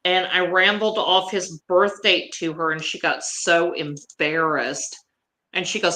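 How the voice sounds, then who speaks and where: A woman's voice: on the low side, steady tone, unhurried, pushed and bright. A woman telling a story in casual chat, blunt and brash and swearing freely.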